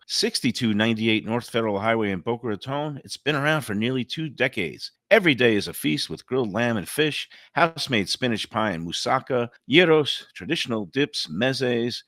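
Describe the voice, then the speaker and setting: A man from Brooklyn, a food show host reading restaurant ads in a lively, upbeat pitchman style and chatting at the table. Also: no room sound, studio quality. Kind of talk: read restaurant ads, then casual table chat.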